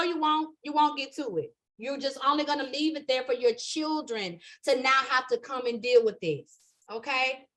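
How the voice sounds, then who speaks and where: A high-pitched woman leads a live spiritual astrology class. She talks in an emphatic, preaching way, stacks repeated phrases for emphasis, and keeps asking her listeners "okay?" and "you understand?". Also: fairly bright tone. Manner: repetitive, building emphasis. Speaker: astrology teacher.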